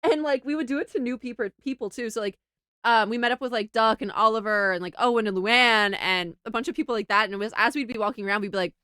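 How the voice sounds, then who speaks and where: A young woman streamer telling a funny travel story to her chat, animated and giggly, with lots of laughing and filler words. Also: on the high side, fast talker, clear, resonant tone, no room sound, studio quality. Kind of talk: casual storytelling to a livestream chat.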